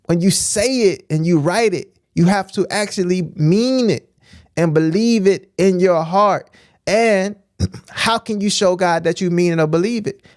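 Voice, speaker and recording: A man with a fairly high voice gives informal preaching on a livestream, punchy and repetitive, often pausing to ask "right?". His voice is close and dry, with no room sound. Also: dry recording. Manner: emphatic, repetitive, keeps asking "right?". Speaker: streamer teaching scripture.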